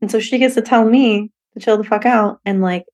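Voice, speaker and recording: A woman's voice: a little high, a little fast. A woman hosting a solo podcast, candid and profane, laughing often and acting out little voices as she talks. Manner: animated, acts out voices in quotes. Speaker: podcast host. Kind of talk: casual solo podcast monologue.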